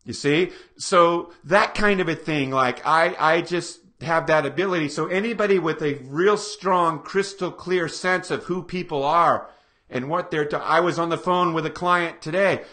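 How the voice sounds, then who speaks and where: A man stands before a small audience and lectures with energy, often throwing rhetorical questions at the room. His voice sits high and bright. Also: moderate pace. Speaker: seminar presenter.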